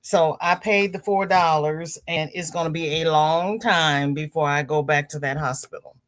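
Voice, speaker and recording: A woman hosting a crochet livestream, chatting casually, greeting viewers by name and reading their comments aloud. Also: moderate pace. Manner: leisurely, chatty, with pitch jumps on greetings.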